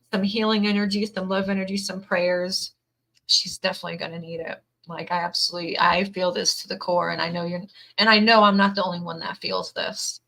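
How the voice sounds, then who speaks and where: A woman reads tarot cards for her viewers in a bright, clear voice. She speaks earnestly and emotionally, close to tears, and keeps repeating her words of encouragement. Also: fairly low pitch, low-quality recording. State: teary, near crying. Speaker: tarot reader. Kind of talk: live tarot reading to viewers.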